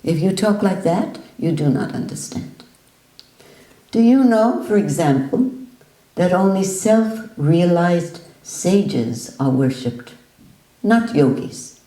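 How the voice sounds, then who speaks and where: A woman's voice: lowish voice, normal speed, few pauses, warm tone, roomy sound, natural voice, rough recording. A woman voicing a blunt elderly male sage who fires abrupt, emphatic questions at his listeners. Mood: stern.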